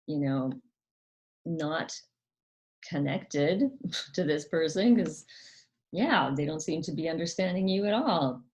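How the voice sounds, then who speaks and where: Slow, low-voiced woman explaining gently. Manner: gentle, hesitant, many ums and restarts. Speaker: channel host. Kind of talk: casual educational monologue.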